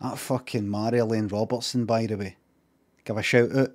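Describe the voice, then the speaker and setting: A man's voice: on the low side, steady tone, normal speed, a little mellow. A Scottish man streaming live, rambling in a mock-serious way and swearing casually.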